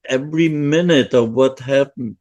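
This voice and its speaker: This nonagenarian from Poland, a guest on a podcast, recounts what he survived in the first person, breaking off and restarting as emotion catches him. He speaks at a medium pitch with a slightly mellow quality.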